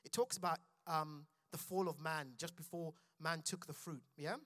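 A man's voice: on the high side, steady tone, moderate pace, a bit bright, no echo, studio quality. A man preaching a sermon in church, building intensity and calling out to his congregation. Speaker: pastor.

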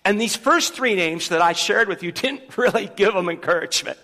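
A man's voice: high-pitched, animated, a little fast. A man preaching a sermon as pastor in a church, rallying the congregation to repeat a verse aloud. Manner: leads the congregation in loud call-and-response. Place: church sanctuary. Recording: long hall reverb.

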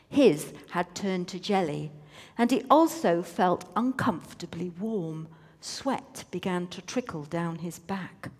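A woman's voice: mid-range voice, darkish tone, husky. A woman reading a story aloud with playful, teasing asides, in a room with a long reverb.

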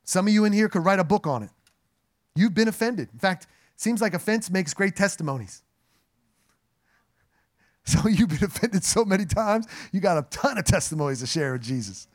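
A man preaching a sermon to a congregation, animated and joking as he speaks to them directly. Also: sits high, moderate pace, long pauses. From New Jersey. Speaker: pastor. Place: church sanctuary.

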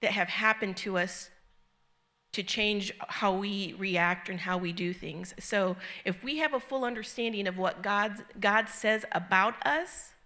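A woman's voice: medium pitch, measured pace, sharp tone. A middle-aged woman giving an informal sermon to a small group, talking in a conversational, earnest way with frequent ums and restarts. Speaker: church speaker teaching a group. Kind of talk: informal sermon with personal story.

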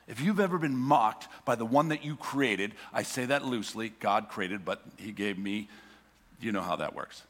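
A man preaching a sermon as pastor, impassioned, swinging between hushed and loud and asking rhetorical questions. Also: fairly low pitch, normal speed. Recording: reverberant hall.

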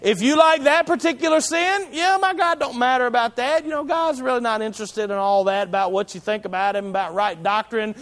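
High-voiced preacher in a reverberant hall. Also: male voice, fairly quick, hardly any pauses, a bit bright. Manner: conversational, emphatic preaching with many asides. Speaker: pastor. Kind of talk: sermon. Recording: long reverb of a large hall.

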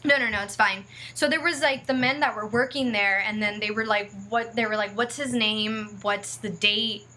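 Bright-voiced woman telling an emotional story. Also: mid-range voice, fairly even intonation, moderate pace. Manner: rambling, filler-heavy, acts out quotes; emotional, close to tears. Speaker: guest telling a personal story. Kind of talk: casual conversational storytelling.

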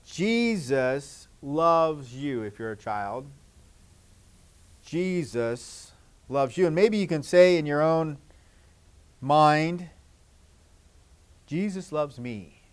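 Gentle high-voiced pastor talking to children. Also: male voice, animated, extremely slow, pauses often. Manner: gentle, repetitive, swings from loud to hushed. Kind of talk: children's sermon.

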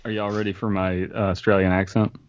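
A man's voice: sits low, little pitch movement, brisk. A man co-hosting a podcast, reading a creepy story aloud with wry jokes and frequent laughter. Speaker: podcast co-host.

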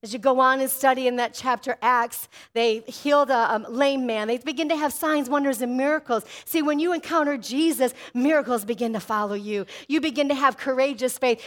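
A woman's voice: sits high, moderate pace. A middle-aged woman pastor preaching a fervent sermon, calling out for amens.

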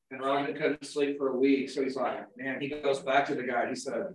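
A man's voice: medium pitch, fairly even intonation, fairly quick, few pauses, very echoey, far from the mic, a little hiss or hum, poor audio. A man giving a conversational sermon as pastor, talking casually and often repeating words as he goes.

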